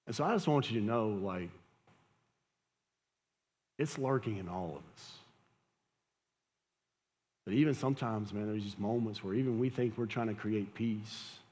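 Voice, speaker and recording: A man's voice: fairly low pitch, measured pace, pauses often, darkish tone. A man, preaching a sermon as a pastor, telling a casual, conversational story and laughing at it. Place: church hall with audience. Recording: live church hall with long reverb.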